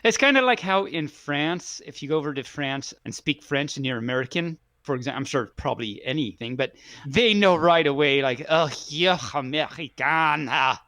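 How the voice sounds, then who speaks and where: Upbeat giggly male podcast host, bouncy and slightly high, dry close sound. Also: lively intonation, a little fast, few pauses, pushed and bright, no echo. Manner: giggly, laughs often. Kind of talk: casual podcast chat.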